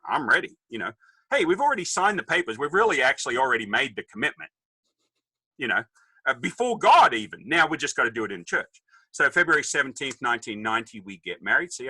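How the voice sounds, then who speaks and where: Australian man in his fifties, jokey guest storyteller, piercing bright tone. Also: mid-range voice, slightly rough, dry recording, low-quality recording. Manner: animated, joking storyteller acting out dialogue. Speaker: podcast guest. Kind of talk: casual storytelling.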